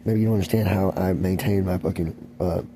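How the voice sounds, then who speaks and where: A man's voice: sits low, steady tone, brisk, warm tone, slight background noise. A man venting in a rambling, heavily profane, agitated rant to camera.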